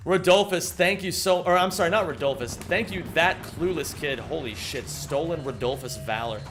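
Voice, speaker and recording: A young man with a voice on the high side chats casually at normal speed over music while live-streaming a game. He rambles, thanks his viewers, and swears freely.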